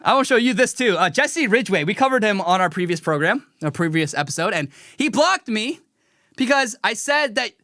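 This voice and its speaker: A man hosting a live commentary show, talking in an animated, sarcastic way. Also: high voice, a little fast, dry recording, clean studio sound. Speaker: show host.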